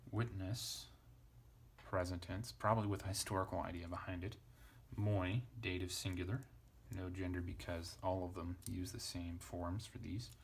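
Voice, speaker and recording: A man's voice: low-pitched, flat delivery, moderate pace, slight background noise. A man teaching a casual lesson, thinking aloud as he spells out letters and parses a text. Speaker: Greek teacher.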